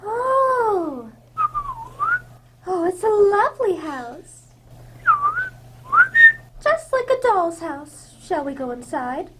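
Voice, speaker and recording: A very high, sweet and breathy young princess, gentle and easily frightened, as a woman plays her in a radio drama. She speaks slowly and softly. Loud hiss sits under the voice. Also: sing-song, full character voice. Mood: sweet, wondering. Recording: loud background noise.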